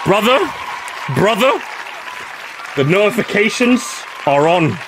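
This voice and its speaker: Hyped up guy doing reaction commentary, kinda high voice, swings up and down a lot. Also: slow pace, crowd noise, background noise. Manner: animated, predicting and pleading, bursts of laughter. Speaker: reaction streamer. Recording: music playing under the voice.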